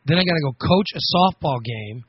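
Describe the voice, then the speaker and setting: A middle-aged American man with a husky, slightly high voice, rambling through a sarcastic comedy podcast. The sound is dry and close, and a bit dull in the highs, like a home podcast recording. He now and then jumps into loud mocking voices. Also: animated, brisk, dry recording. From United States. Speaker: podcast host. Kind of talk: casual comedic chat.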